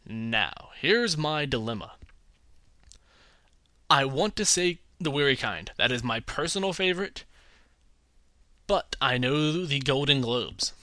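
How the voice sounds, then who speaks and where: A man in a casual opinion vlog, reviewing films with animated, exasperated ranting and putting on voices for others. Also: mid-range voice, slow pace, long pauses, no echo. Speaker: film reviewer.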